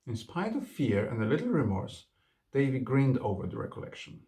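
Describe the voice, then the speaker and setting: A man's voice: fairly low pitch, lively intonation, moderate pace, gravelly, a little mellow, soft background music. A man narrating a storybook reading and then reflecting on it in earnest book commentary.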